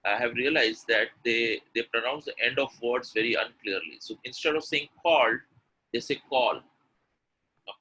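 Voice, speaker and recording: A man leads a live online pronunciation class. His voice is bright and a little husky, and he coaxes the attendees with lots of repetition. He talks into a computer mic. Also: mid-range voice, rough recording. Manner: coaxing, repetitive, addresses attendees directly. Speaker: English pronunciation coach. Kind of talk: live webinar teaching.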